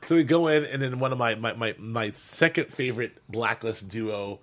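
A man's voice: medium pitch, normal speed. A man co-hosting a fan after-show, chatting casually and animatedly, joking and laughing often, with many restarts. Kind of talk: casual chat.

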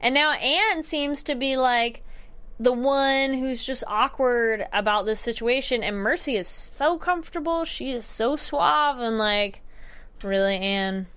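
A young woman recapping a TV episode in a chatty, animated way, tripping over words and correcting herself. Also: high voice, a little slow, clean tone. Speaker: TV show reviewer. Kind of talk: casual recap vlog.

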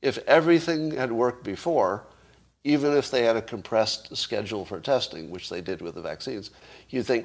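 A man's voice: mid-range voice, normal speed, vocal fry. A man hosting a casual livestream, arguing his point and throwing rhetorical questions at viewers, with the odd chuckle. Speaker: livestream host.

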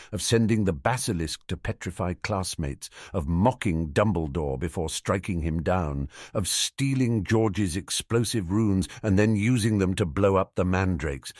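Low-voiced, animated male storyteller. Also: no room sound, clean studio sound. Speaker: audiobook narrator. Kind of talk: scripted narration of fan fiction. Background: faint background music.

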